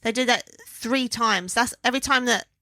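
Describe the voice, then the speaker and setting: A woman's voice: fairly high pitch, normal speed, sharp tone, no room sound, studio quality. A woman co-hosting a podcast, chatting bluntly and swearing casually. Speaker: podcast co-host. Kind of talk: casual chat.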